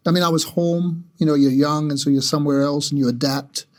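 A man's voice: fairly high pitch, fairly even intonation, a little fast. A man talking casually and reflectively in an interview, with conversational fillers.

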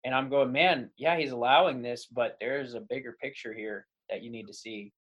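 A man's voice: mid-range voice, normal speed, fairly bright tone, lo-fi sound. A man co-hosting a podcast, friendly and full of questions. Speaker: podcast co-host. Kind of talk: casual podcast conversation.

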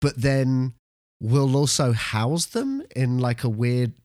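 Male podcast co-host, animated, stumbles and repeats, dry sound. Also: medium pitch, takes it slowly, no room sound. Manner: animated, repeats words while thinking. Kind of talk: casual chat.

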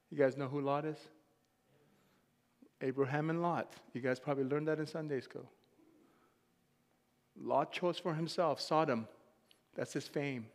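A man preaching a sermon as a pastor, emphatic and rising to loud shouts. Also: on the high side. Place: church sanctuary. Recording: long hall reverb.

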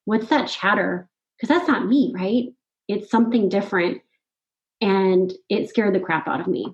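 A middle-aged woman, a podcast guest, telling a personal story in casual conversation, animated and laughing often. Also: medium pitch, normal speed, highs cut off. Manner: animated, laughs often, quotes her own thoughts.

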